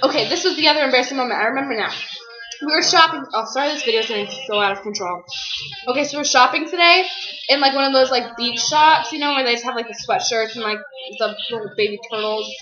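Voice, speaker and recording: A woman's voice: a little high, fast, reverberant, muffled recording. A teenage girl vlogging in a rambling, bubbly way, full of fillers. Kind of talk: casual chat.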